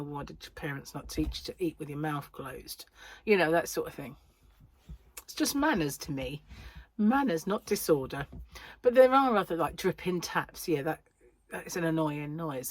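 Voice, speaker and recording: A woman's voice: low voice, slightly rough, no echo. A British woman rambling in casual chat to camera as a crochet vlogger, talking from a corner of her home. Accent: British English. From United Kingdom. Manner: rambling, chatty, self-interrupting. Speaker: crochet vlogger and yarn shop owner.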